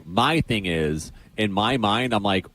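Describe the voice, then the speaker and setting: A man's voice: fairly low pitch, lively intonation, unhurried, a bit bright, slight background noise, low-quality recording. Awkward, self-deprecating young male co-host. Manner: self-deprecating, awkward, rambling with many restarts. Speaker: radio show co-host. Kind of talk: casual on-air banter.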